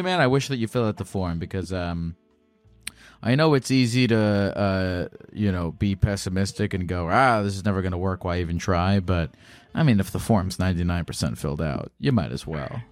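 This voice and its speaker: Grave homem apresentador, brincalhão. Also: male voice, on the low side, big pitch swings, normal speed, no room sound, soft background music. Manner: crude, joking banter. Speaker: call-in show host. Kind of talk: casual call-in chat.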